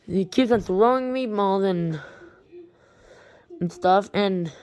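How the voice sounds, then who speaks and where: A woman casually retelling a strange story, halting often and restarting her sentences. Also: mid-range voice, a little mellow. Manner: halting, with many restarts and repeated words.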